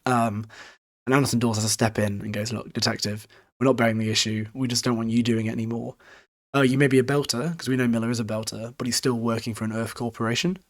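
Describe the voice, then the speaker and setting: A man's voice: mid-range voice, steady tone, quick pace. A young British man casually recapping a book chapter for a podcast, rambling and swearing freely with frequent chuckles. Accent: British English.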